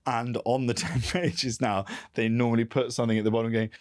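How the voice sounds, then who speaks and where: A man's voice: mid-range voice, fairly quick, dry recording, clean studio sound. A man in his thirties with an English accent, a comedian guest telling audition stories in a casual chat, often laughing. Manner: animated storytelling, breaks into laughter.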